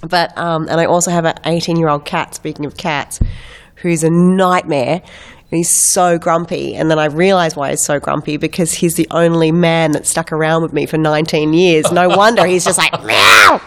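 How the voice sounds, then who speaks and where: An Australian woman in her thirties tells stories in a lively, chatty way, slipping into quick impressions. Her voice sits a little low for a woman and carries the slight stuffiness of a lingering head cold. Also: a little hiss or hum. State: getting over a head cold. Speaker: guest actress. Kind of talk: casual chat.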